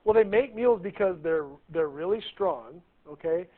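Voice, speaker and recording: A man's voice: high voice, expressive, normal speed. A man teaching a biology class, chatty and jokey, often asking the students questions. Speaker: high school biology teacher. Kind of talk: classroom lecture. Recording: tinny lo-fi classroom recording.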